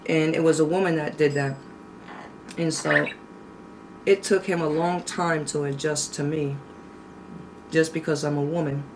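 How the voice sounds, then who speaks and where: A middle-aged woman hosting a casual home cooking vlog, chatting to viewers and cooing at her parrot in a high sweet voice. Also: steady tone, measured pace, long pauses, noisy background. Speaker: cooking channel host. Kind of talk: casual chat to camera.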